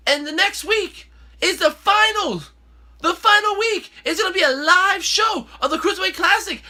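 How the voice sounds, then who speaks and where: A male host giving a casual, excitable and playful wrestling recap. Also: very high voice, normal speed. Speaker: show host.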